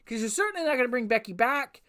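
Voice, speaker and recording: A woman's voice: on the high side, lively intonation, quick pace, fairly bright tone. A woman giving a casual review of a wrestling show, ranting with exasperated rhetorical questions and frequent swearing. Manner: repetitive restarts and rhetorical questions.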